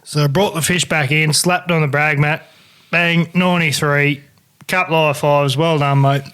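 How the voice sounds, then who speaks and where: Excitable Australian man telling a fishing yarn. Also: a little high, normal speed, clean tone. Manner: animated, swears freely, laughs while telling. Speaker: podcast host. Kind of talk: casual storytelling chat.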